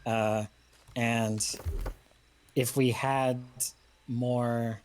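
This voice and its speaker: A man speaking as a historian guest in a casual livestream chat, halting with many fillers and restarts. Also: mid-range voice, little pitch movement, slight background noise.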